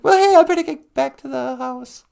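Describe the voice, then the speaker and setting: A woman's voice: high-pitched, moderate pace, vocal fry, darkish tone. A woman hosting a comic live-stream chat, mock-earnest and sarcastic, saying solemn-sounding mock prayers. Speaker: host.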